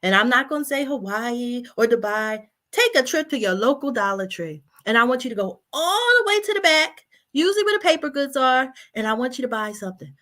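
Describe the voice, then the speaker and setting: A woman speaking in a motivational talk, her voice sitting a little high. She coaches her listeners step by step and guides them through slow breathing. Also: sharp tone.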